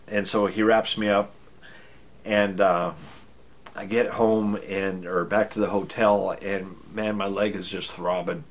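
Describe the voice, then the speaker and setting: American man, low voice, wry self-deprecating storytelling, casual. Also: flat delivery, unhurried. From United States. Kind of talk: comic personal storytelling.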